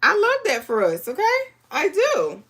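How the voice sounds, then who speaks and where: A woman's voice: sits high, wildly swooping pitch, unhurried, fairly bright tone. A woman hosting a live sewing stream, chatting casually with viewers and reading the chat aloud. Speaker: crafting livestream host.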